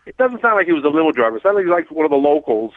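Talk radio host, New man, blunt rambler, slightly high voice, tinny dry phone-like audio. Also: sing-song, very fast, dry recording. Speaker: radio show host and cab driver.

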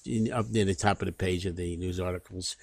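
A man talking on a radio show, speaking in a halting, hesitant way. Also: low-pitched, fairly even intonation, a little mellow, no room sound. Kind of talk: talk radio chat.

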